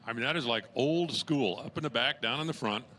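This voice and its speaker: Live commentary from a drag strip: the announcer, a man with a mid-range voice, talks briskly in a pushed, bright tone against slight background noise. He jokes and puns chattily while the track is quiet, then gets louder whenever cars launch or finish.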